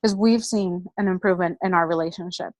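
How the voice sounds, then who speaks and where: A woman giving a personal motivational talk in an energetic, chatty storytelling manner. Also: on the low side, a little fast, crowd noise, poor audio. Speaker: motivational speaker.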